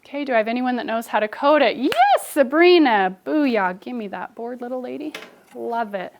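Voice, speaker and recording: A woman's voice: on the high side, fairly quick, gravelly, noisy background. A young adult woman teacher leading a phonics lesson with children, coaching them and adding asides to other teachers. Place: classroom. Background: children in class.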